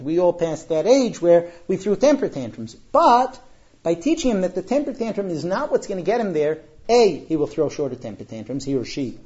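Animated parenting speaker, dull lo-fi sound. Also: medium pitch. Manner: animated storyteller who acts out quotes. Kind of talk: parenting talk to a live audience.

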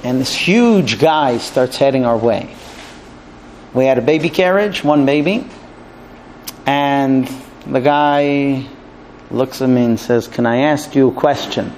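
A man's voice: medium pitch, takes it slowly, long pauses, darkish tone, slight background noise. Earnest man teaching a Torah class. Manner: earnest, storytelling, with restarts and light laughs. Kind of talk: Torah class with personal story.

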